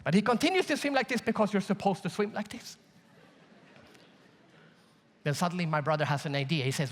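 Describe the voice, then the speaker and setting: A man's voice: sits high, a little fast, pauses often. A man giving a conference keynote, telling a story with jokes and speaking straight to the audience. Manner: animated, jokey, addresses audience directly. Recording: large hall reverb.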